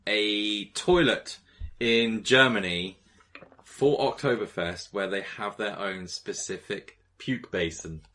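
Low, bright-toned man with dry jokes. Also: takes it slowly. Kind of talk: casual podcast chat.

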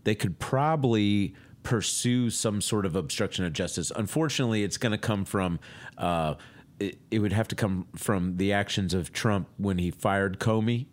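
A man co-hosting a casual political talk show, rambling and halting, with frequent restarts and wry jokes. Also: on the low side. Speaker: podcast co-host.

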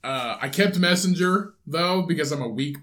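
A man from south central Indiana co-hosts a casual podcast with his brother. His voice sits slightly high for a man, and he rambles, restarts often and swears freely. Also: normal speed, fairly bright tone. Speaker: podcast co-host. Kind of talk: casual chat.

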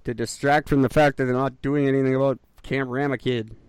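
A man's voice: mid-range voice, steady tone, fairly quick, clear, resonant tone, no echo. A man co-hosting a casual podcast chat, rambling and self-mocking. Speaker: podcast co-host.

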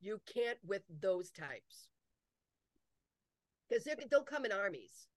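A woman's voice: mid-range voice, big pitch swings, slow pace, dry recording. Emphatic woman who repeats herself. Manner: emphatic, repeats phrases, acts out quoted voices. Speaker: psychic medium guest. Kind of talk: casual interview chat.

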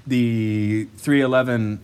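A man's voice: medium pitch, steady tone, slow pace, a little mellow, clean tone. A man co-hosting a casual podcast, rambling with fillers and frequent laughter. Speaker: podcast co-host. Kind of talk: casual chat.

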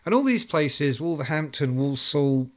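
Casting note: chatty male storyteller, slightly higher voice, acts out quotes. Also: lively intonation, a little slow. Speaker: guest recalling music journalism days. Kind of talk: casual storytelling chat.

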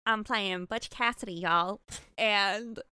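A woman playing in a tabletop podcast, telling stories excitedly in casual chat. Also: mid-range voice, takes it slowly, smooth, no echo. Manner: excitable storyteller, many "like" fillers. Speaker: podcast player.

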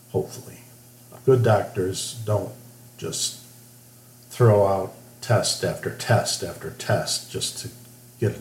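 Blunt low-voiced middle-aged man. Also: a little mellow. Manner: blunt, plainspoken, ranting. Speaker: podcast host, former medical worker. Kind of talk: casual podcast monologue. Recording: echoey room, faint hum.

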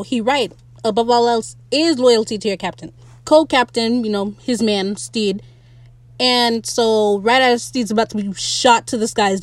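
Blunt, high-voiced young woman recapping a show. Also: dry recording. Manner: blunt, animated, laughs often. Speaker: podcast host recapping a TV episode. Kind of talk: casual opinionated recap.

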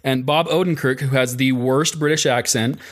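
A man's voice: medium pitch, fairly even intonation, normal speed, a little hiss or hum. A man hosting a casual podcast chat, often laughing and restarting his sentences. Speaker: podcast host.

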